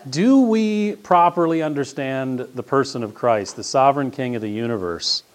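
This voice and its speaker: A man's voice: medium pitch, expressive, moderate pace. Man preaching in an easy storytelling way. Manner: conversational storytelling with rising emphatic questions. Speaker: pastor and teacher. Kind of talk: sermon.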